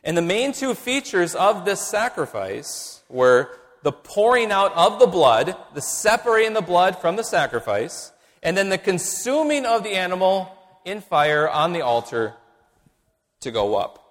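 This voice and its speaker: A man delivers a teaching sermon, his voice sitting a little high and swinging widely in pitch. He drives points home by repeating them in a measured way. The sound rings with the long reverb of a church hall. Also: sing-song. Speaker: pastor.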